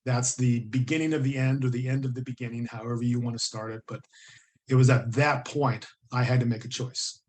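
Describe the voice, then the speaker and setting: A man's voice: medium pitch, steady tone, fairly quick, darkish tone. A middle-aged American man, a guest on an interview show, telling his story earnestly and vividly, acting out the voices of people he quotes. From United States.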